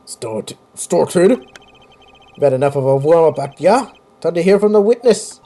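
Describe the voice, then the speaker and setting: A man voices a smug rock-star prosecutor, relaxed and mocking as he lays out the facts. The tone is mellow and a touch high, with faint music beneath. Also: unhurried.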